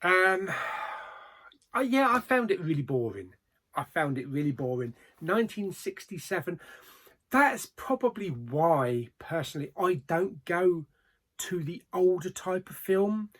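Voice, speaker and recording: A man reviewing films in a casual vlog, plain-spoken, with frequent ums and trailing pauses. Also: high-pitched, sing-song, a bit bright. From Australia. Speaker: movie reviewer.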